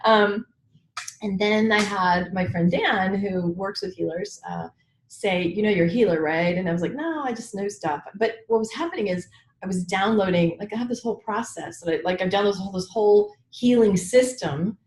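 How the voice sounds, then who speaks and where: A woman coach, a guest expert in an interview, telling her story in an animated way with laughs. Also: medium pitch, moderate pace, roomy sound. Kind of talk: conversational interview.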